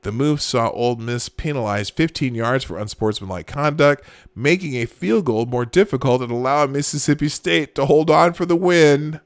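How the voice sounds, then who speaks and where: A man's voice: mid-range voice, normal speed, hardly any pauses, dry recording. Man, host, casual live commentary, exclamatory, laughs a lot, dry close sound. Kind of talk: casual live commentary reacting to online posts.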